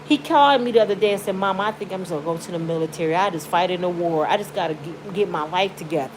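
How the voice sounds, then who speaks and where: A woman's voice: on the low side, fast talker, a little hiss or hum, low-quality recording. A middle-aged woman from Michigan, a YouTuber, venting in an outspoken, pleading personal vlog from her bed at home. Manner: outspoken, pleading, swings from indignant to tearful. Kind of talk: emotional personal vlog rant.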